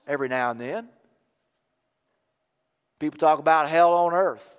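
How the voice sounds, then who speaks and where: Impassioned older preacher in a reverberant hall. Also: male voice, fairly high pitch, unhurried, clear, resonant tone. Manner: impassioned, rising to loud emphatic peaks. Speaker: pastor. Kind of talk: sermon. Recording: long reverb of a large hall.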